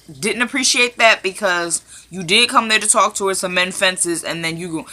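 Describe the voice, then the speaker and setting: Very bright-voiced woman recapping a show. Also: fairly low pitch, expressive, moderate pace. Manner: chatty, repeats herself for emphasis. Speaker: TV recap vlogger. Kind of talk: casual episode recap.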